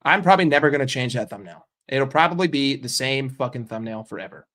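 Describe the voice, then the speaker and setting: A man hosting a casual livestream, reading viewer comments aloud and answering them in a blunt, profane, animated way. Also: medium pitch, fast. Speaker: livestream host.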